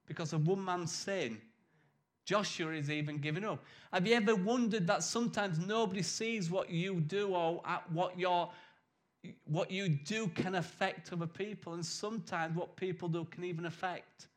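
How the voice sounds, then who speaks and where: A man preaching a sermon in a conversational, emphatic way, acting out quoted voices. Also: a little high.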